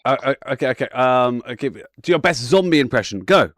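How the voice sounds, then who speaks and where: A man's voice: medium pitch, expressive, brisk, dry recording, clean studio sound. A man playing in a tabletop game, laughing often and stumbling over fillers. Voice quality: laughs a lot, stammers with fillers. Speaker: player. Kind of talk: tabletop role-play.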